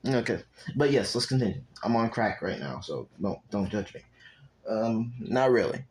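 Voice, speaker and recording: A man's voice: on the low side, animated, normal speed, a little mellow, slight background noise, poor audio. A young man spins a fan story on the fly in a casual, unscripted way. He rambles, swears a lot and keeps stopping to talk straight to his viewers before picking the story back up. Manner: rambling and profane, with asides to viewers.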